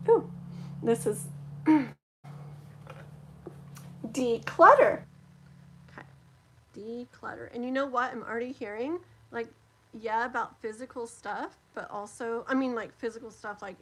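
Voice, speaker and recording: A woman's voice: on the high side, slight background noise, poor audio. A middle-aged woman, chatting casually and rambling with lots of fillers as she does a live tarot stream.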